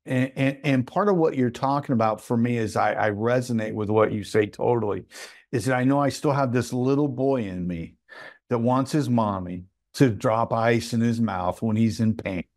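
A man's voice: medium pitch, normal speed, darkish tone, no room sound, clean studio sound. A man in a casual podcast conversation who tells personal stories and often checks in with his listeners. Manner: storytelling, with repeated "right?" check-ins.

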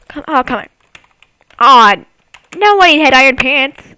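Woman, high voice, bright and sharp, dry close sound, excitable taunting game commentary to viewers, home computer mic. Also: a little slow, dry recording. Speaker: gameplay commentator.

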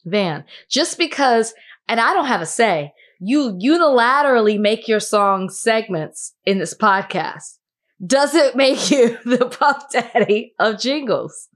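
Higher-voiced woman from dallas teasing her cohost, quick comebacks, laughs a lot. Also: expressive. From Dallas, Texas. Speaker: podcast co-host. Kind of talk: casual chat.

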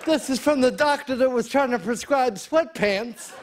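A man's voice: very high-pitched, moderate pace, noisy background. A man doing a stand-up routine on a studio stage, telling a story in a laid-back way with punchy quoted voices. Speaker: stand-up comedian. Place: studio stage before a live audience. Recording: live stage mic with loud audience. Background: audience laughter.

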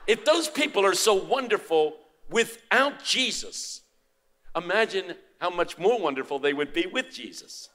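An older man preaching a sermon, moving from quiet storytelling to loud, emphatic proclaiming. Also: high-pitched, sing-song, measured pace. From United States.

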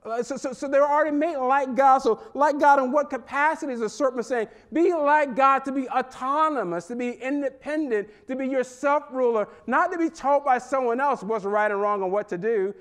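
Man, pastor, high-pitched voice, lively sermon delivery that jumps between loud highs and quiet lows, chapel setting. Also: fairly quick, hardly any pauses. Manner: animated preaching, swings from loud and high to low and quiet. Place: seminary chapel.

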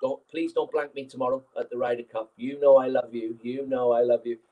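A man's voice: mid-range voice, fairly even intonation, fairly quick, narrow, tinny audio, natural voice. A man impersonating a blustering football boss. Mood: coaxing. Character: furious blustering older male football manager.

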